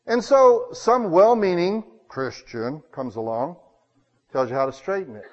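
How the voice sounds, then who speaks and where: A man preaching a sermon, telling homey stories and swinging between loud bursts and hushed asides. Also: fairly high pitch, sing-song, moderate pace, big-room sound, dull audio.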